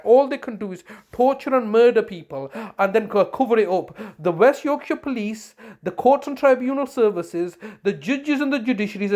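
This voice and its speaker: A man recording himself making phone calls, alternating sharp repeated hellos with an indignant, accusing monologue that stumbles over its words. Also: high voice. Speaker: vlogger recording his own phone calls.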